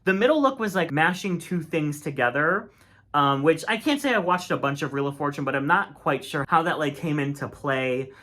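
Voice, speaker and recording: A man's voice: fairly high pitch, lively intonation, moderate pace, sharp tone. A man giving a casual, opinionated critique monologue, chatty and full of filler words. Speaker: drag race commentator.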